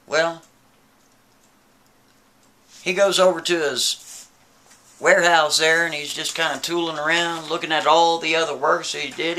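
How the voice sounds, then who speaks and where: A man with a somewhat high, bright and forceful voice tells a story as if chatting with a friend. He keeps it loose and lively, tossing in little asides to the listener as he goes. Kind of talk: casual spoken storytelling.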